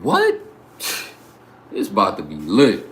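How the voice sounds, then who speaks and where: A man's voice: fairly low pitch, moderate pace. A young man with a New York accent, chatting boastfully on his livestream in heavy slang and profanity. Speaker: YouTube livestreamer. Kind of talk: casual livestream chat.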